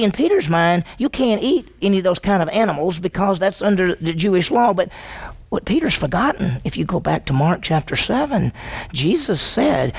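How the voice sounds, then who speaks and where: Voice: mid-range voice, vocal fry, darkish tone, husky. A pastor preaching a sermon, telling the story vividly and putting questions to the congregation. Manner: storytelling, acting out the dialogue; emphatic, asks the congregation questions.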